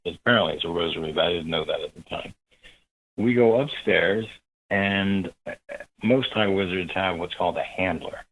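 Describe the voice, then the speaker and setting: Male guest, husky and low-pitched, animated storyteller. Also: moderate pace, rough recording. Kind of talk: storytelling in a radio interview.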